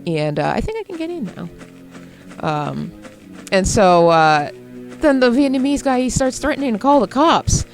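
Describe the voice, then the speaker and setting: A woman's voice: fairly high pitch, sing-song, normal speed, faint music behind. A woman hosting a gaming video, chatting casually and animatedly while she plays, laughing often as she tells a story. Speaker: gaming channel host. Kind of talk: casual chat while playing a game.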